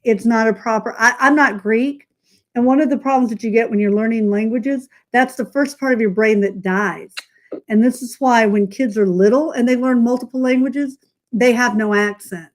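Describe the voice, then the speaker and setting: A talkative woman with a light Southern drawl, speaking in a slightly high voice. She hosts a casual live chat over a video call, laughing often and poking fun at herself. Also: normal speed. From Southern United States. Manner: chatty, laughs often, self-mocking. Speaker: host.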